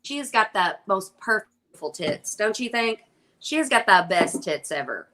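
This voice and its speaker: A woman's voice: medium pitch, big pitch swings, measured pace, pushed and bright. A woman chatting casually on a live stream, blunt and gushing, swearing freely. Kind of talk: casual chat.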